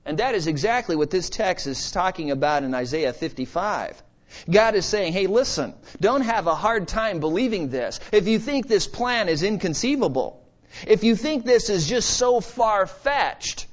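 Male preacher, high and lively pitch, emphatic delivery with dramatic pauses, dull lo-fi recording. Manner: animated, emphatic preaching with dramatic pauses and sudden soft asides. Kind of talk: expository sermon. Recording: slightly dull lo-fi sermon recording.

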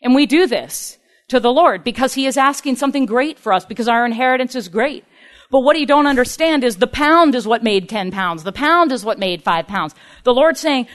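A woman's voice: on the high side, lively intonation, fairly quick. A woman preaching a sermon in an earnest, emphatic way, acting out the people in her stories. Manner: earnest, emphatic, acts out quoted speakers.

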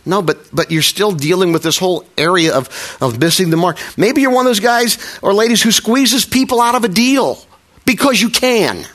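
A man's voice: high-pitched, normal speed, a bit bright. A middle-aged man preaching a sermon as a pastor, talking in a conversational, self-deprecating way with frequent restarts and little acted quotes.

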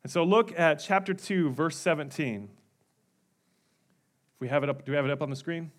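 A man in his thirties preaching a sermon as pastor in a church, swinging between hushed low passages and loud, emphatic outbursts. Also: normal speed. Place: church sanctuary.

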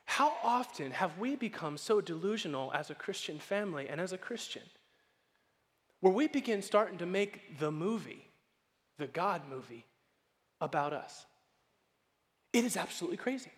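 A man preaching a sermon as pastor, animated and playful, acting out quoted voices as he goes. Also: sits high, normal speed. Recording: long hall reverb.

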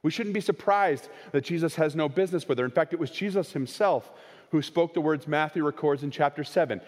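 A man preaching a sermon, swinging between raised, quoted lines and hushed, slowed emphasis. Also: fairly high pitch. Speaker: pastor. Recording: long hall reverb.

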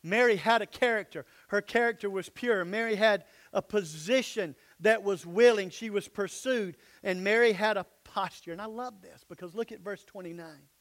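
A pastor preaching a sermon in a church, emphatic, sometimes dropping to soft, low asides. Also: male voice, moderate pace, few pauses.

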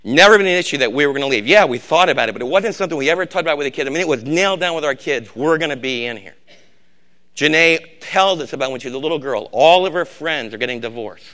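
An older man preaching a sermon as a pastor, swinging from loud exhortation down to low, quiet emphasis and repeating words for weight. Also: expressive, fast.

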